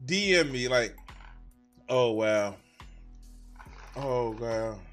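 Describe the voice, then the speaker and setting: Guy streamer reacting to clips, cussing a lot, super bouncy voice all over the place, kinda bright and sharp. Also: mid-range voice, very slow, soft background music. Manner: excitable, swearing, breaks into giggles. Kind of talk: profane live-stream reaction commentary.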